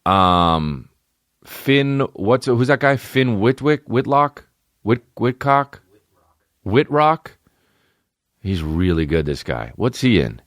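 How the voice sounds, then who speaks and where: A man hosting a podcast in casual chat, rambling and swearing a lot, with big jumps in pitch. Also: sing-song, slow pace, pauses often, a bit bright, dry recording, clean studio sound. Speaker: podcast host. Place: home studio with barking dogs nearby.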